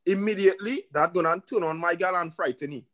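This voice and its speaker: A man's voice: high voice, quick pace, a bit bright, no room sound. A man co-hosting a podcast, telling a story in casual chat, laughing often and swearing freely. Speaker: podcast co-host.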